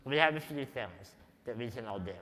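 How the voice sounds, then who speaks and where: A man speaks to a conference audience, unhurried and wry as he tells his stories. His voice is bright and clear at a middling pitch. The sound carries the long reverb of a large hall. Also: lively intonation. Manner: slow, deliberate, wry storytelling. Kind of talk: storytelling talk to a live audience.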